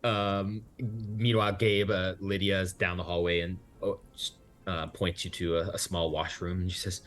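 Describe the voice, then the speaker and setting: A man's voice: deep voice, level tone, normal speed, fairly bright tone, faint music behind. A man narrating as game master in a casual, hesitant way.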